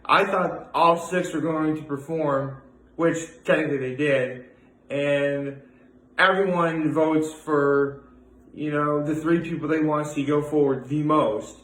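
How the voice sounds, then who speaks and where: A man's voice: a little high, steady tone, a little slow, fairly bright tone, echoey room, poor audio. A young man rambling through a casual daily vlog, full of fillers and restarts. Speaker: vlogger.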